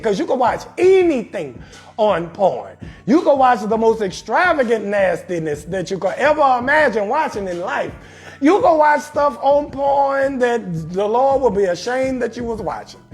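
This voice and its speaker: A young adult male comedian hosting a live talk show, riffing loudly with crude advice and calling out viewers in his chat. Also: very high-pitched. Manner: loud, brash, riffing, shouting out viewers in chat. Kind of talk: profane comedic advice monologue on a livestream.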